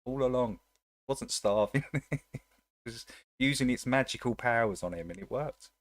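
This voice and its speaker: An Essex man hosts a live chat, laughing and joking easily as he comments. His voice sits at a middle pitch, close to the mic in a dry room. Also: moderate pace, no room sound. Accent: Essex English. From England. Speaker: livestream host.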